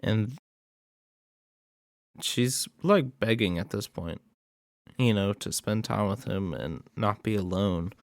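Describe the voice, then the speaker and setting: A man's voice: fairly low pitch, animated, takes it slowly, long pauses, no echo, studio quality. A man casually recapping a horror movie plot in a rambling way, with many fillers and asides.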